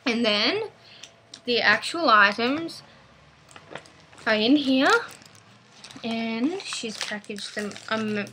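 A woman casually chatting through an unboxing at home, gushing and excitable, rambling with lots of fillers. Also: a little high, slow, pauses often, a little hiss or hum. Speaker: vlogger unboxing a package.

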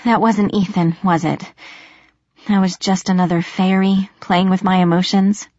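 A woman's voice: mid-range voice, fairly even intonation, measured pace, darkish tone, no echo, close to an everyday voice. A woman voicing a frightened teenage girl who stammers, in a dull, slightly muffled recording. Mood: shaken. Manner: stammering, shaky. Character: shaken teenage girl lost in fairyland.

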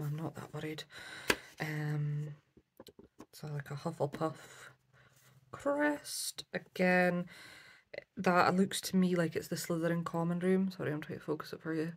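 A woman chatting casually through a craft haul, with lots of ums and asides. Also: low-pitched. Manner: chatty, many ums, self-correcting. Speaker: craft vlogger. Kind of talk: casual show-and-tell haul.

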